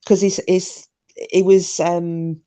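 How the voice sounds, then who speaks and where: A woman's voice: on the low side, level tone, slow, mellow, clean tone. A woman hosting a live stream, chatting casually and rambling, with frequent restarts. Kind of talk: casual chat.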